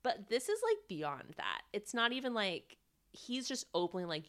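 A woman's voice: medium pitch, wildly swooping pitch, moderate pace, fairly bright tone. A woman co-hosting a podcast, chatting casually and animatedly, laughing often and acting out what people said. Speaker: podcast co-host. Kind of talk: casual recap chat.

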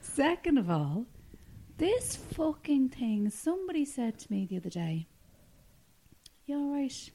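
Woman, podcast co-host, dry sweary banter, dark mellow voice. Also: a little high, big pitch swings, measured pace. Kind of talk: casual chat.

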